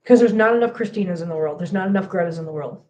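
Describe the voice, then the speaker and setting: A woman's voice: on the low side, racing, darkish tone, muffled recording. Woman, cat channel host, tearful, emphatic, impassioned, repeats herself, livestream chat.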